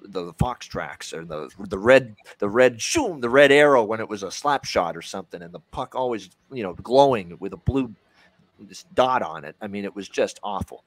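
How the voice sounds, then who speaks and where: A man hosting a sports podcast, talking in an emphatic, opinionated way that swings loud and soft. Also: on the low side, lively intonation, moderate pace, no echo. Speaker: podcast host. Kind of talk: casual sports podcast chat.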